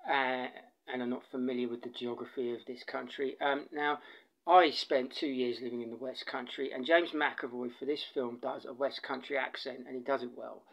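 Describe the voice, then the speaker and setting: A man's voice: mid-range voice, gravelly, a bit bright. An Englishman with an English accent giving a casual spoken film review, rambling and digressive, with many fillers and restarts. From England.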